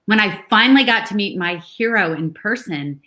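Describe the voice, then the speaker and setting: A woman co-hosting a casual video chat, telling a story in an animated way. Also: mid-range voice, normal speed. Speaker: co-host.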